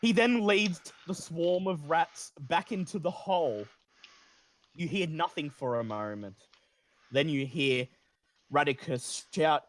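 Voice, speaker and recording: A man narrating as game master of a tabletop game over voice chat, lively and descriptive. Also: high-pitched, takes it slowly, no echo.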